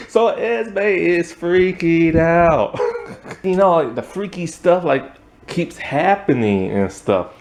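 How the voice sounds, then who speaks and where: A film reviewer with a higher-pitched, darkish voice and lively intonation talks slowly as he casually recaps a movie's plot. He rambles, uses lots of "like" and "um", and chuckles often.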